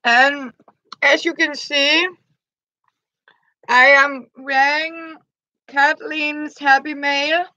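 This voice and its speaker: Woman on a live stream, really slow and bright, kinda dull lo-fi sound, greets people by name. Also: sits high, steady tone, dry recording. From Denmark. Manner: greets viewers by name between thoughts, gentle, frequent soft laughs. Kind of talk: casual live-stream chat.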